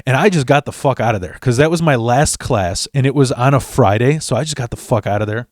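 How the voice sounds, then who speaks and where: A man's voice: mid-range voice, brisk, hardly any pauses, darkish tone, no echo. Guy swearing his way thru a story, fired up, stumbles and restarts, dry close mic sound. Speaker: podcast host. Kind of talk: casual storytelling. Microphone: studio mic.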